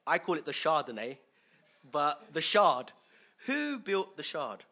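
A man's voice: a little high, very animated, a little slow, pushed and bright. A man preaching a chatty sermon, quizzing the congregation and chuckling often. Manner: chatty, asks the crowd questions, chuckles often. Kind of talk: conversational sermon with questions to the congregation.

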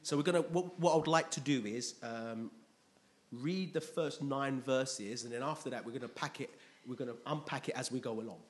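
A man with a medium-pitched voice preaches a conversational sermon in church at a moderate pace, reading scripture aloud and often checking in with his congregation.

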